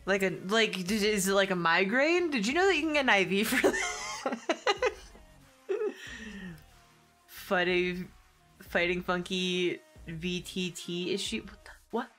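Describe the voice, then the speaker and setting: A bright, crisp-toned young woman talking off the cuff to her stream audience. She rambles, swears freely and laughs often between answers to chat, with faint music playing behind her. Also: mid-range voice, expressive, measured pace, pauses often. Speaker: gaming streamer. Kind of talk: casual stream chat with viewers.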